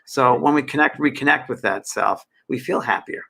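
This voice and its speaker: A middle-aged man teaching meditation in an earnest, loosely rambling chat. His voice is bright and forceful, and he often restarts and repeats words. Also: mid-range voice, normal speed, vocal fry, husky. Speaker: spiritual teacher and host.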